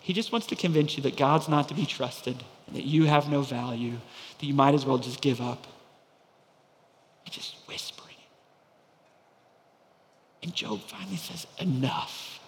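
A man preaching a sermon, swinging from loud proclaiming to hushed, near-whispered lines. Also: medium pitch, long reverb tail. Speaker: pastor.

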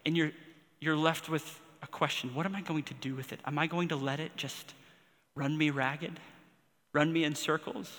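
Long echoes from a large hall surround a forty-something pastor's slightly high, ringing, somewhat bright voice. His intonation stays fairly even as he preaches earnestly and personally, letting pauses raise the intensity.

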